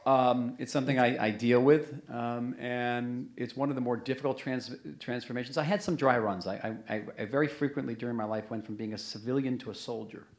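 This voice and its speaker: A man's voice: medium pitch, a little fast, hardly any pauses. Emphatic man in an echoey hall. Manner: animated, emphatic, frequent restarts. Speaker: former ambassador and author. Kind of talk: live onstage interview. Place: museum event hall. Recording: roomy event hall sound.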